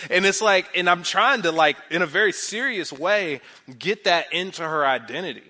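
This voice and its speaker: Man preaching, thirties, bright forceful tone, slightly high voice, casual filler-heavy sermon. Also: moderate pace, hardly any pauses. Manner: conversational, uses many fillers like "like"; animated, repeats phrases for emphasis. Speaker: pastor.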